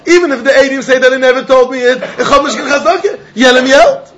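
A man's voice: very high voice, fast, fairly bright tone. A man teaching a Talmud class, repeating points with emphatic sing-song delivery and mixing in Yiddish and Hebrew terms.

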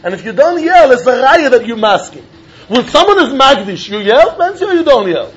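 A man teaching a Talmud lesson in an animated, sing-song way, often laughing. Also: extremely high pitch, normal speed, breathy edge. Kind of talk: Talmud study lecture. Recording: dull lo-fi recording.

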